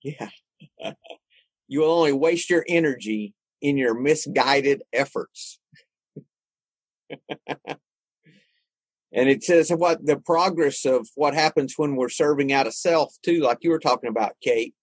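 A man hosting a casual online group discussion, relaxed and conversational, laughing easily. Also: mid-range voice, a little slow, long pauses, breathy edge, no echo. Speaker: host.

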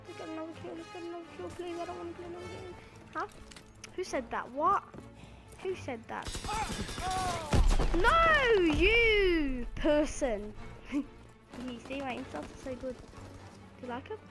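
A woman commentating her own gameplay, excitable, with playful trash talk and sudden outbursts, game music and gunfire behind. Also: very high voice, brisk, pauses often. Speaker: gaming video creator.

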